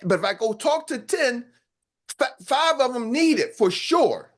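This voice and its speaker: A man's voice: extremely high pitch, sing-song, unhurried. A man giving a motivational talk as a business coach, blunt and colloquial, repeating phrases for emphasis.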